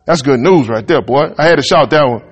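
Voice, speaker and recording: A man's voice: medium pitch, a little fast, big-room sound. A man preaching a sermon, reading scripture aloud and breaking off into casual, folksy asides to the congregation. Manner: conversational, reads verses then riffs in folksy Southern-style talk.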